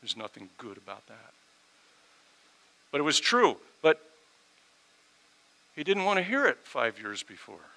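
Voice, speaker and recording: A middle-aged man preaching a sermon, telling a personal story and swinging from quiet asides to loud, emphatic peaks. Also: mid-range voice, sing-song, a little slow, creaky, pauses often, poor audio. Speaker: pastor.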